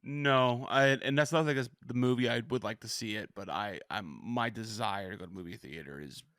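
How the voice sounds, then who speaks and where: A middle-aged man chats loosely on a podcast, circling his thoughts with lots of "like" and false starts. His voice sits low, and the close, dry recording has no room sound. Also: fairly quick, a bit bright, no echo. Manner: rambling, self-interrupting, frequent "like" and restarts. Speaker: podcast co-host. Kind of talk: casual chat.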